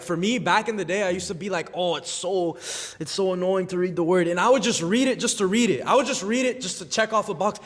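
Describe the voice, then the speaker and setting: A man's voice: high-pitched, fairly bright tone, long reverb tail. A nineteen-year-old man co-hosting a podcast, telling a personal story in an earnest, casual way with plenty of fillers. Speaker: podcast co-host. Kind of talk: casual chat.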